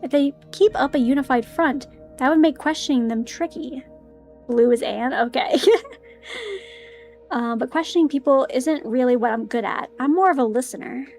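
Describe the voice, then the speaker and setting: Young woman game streamer, high voice, reads story text with nervous giggles. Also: moderate pace, darkish tone, soft background music. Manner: giggly, easily spooked. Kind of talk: reading a visual novel aloud with commentary.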